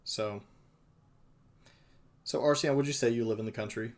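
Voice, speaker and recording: A man's voice: medium pitch, moderate pace. A young man hosting a casual podcast chat, hesitant and full of fillers, often restarting his sentences. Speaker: podcast host.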